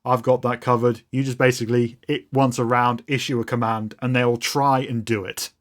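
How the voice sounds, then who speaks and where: A man's voice: medium pitch, little pitch movement, normal speed. A man narrating a tabletop role-playing game as game master, describing scenes in a loose, storytelling way.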